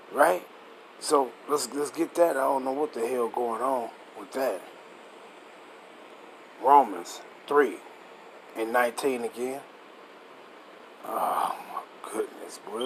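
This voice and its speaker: A man's voice: medium pitch, fairly bright tone, a little hiss or hum, poor audio. A man teaching scripture in a loose, casual way, reading passages aloud and breaking off with blunt, profane comments and rhetorical questions.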